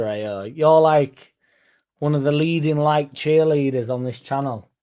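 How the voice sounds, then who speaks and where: This young man's voice sits on the high side, smooth and dark-toned, and he talks a little slowly. Hosting a fan channel stream, he rambles casually, swears now and then, and reads out comments from chat.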